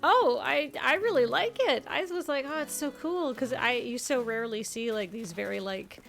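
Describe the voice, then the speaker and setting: A woman hosts a relaxed stream chat, full of gasps and eager praise. Her voice sits a touch high and has a gravelly edge. Faint game music plays softly behind her. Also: moderate pace. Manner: enthusiastic, gasps often. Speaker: stream host. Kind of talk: casual chat.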